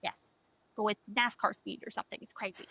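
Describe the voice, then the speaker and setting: A woman co-hosting a podcast, telling animated stories in casual chat and swearing often. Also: mid-range voice, brisk, breathy edge, no room sound. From Canada. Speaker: podcast co-host.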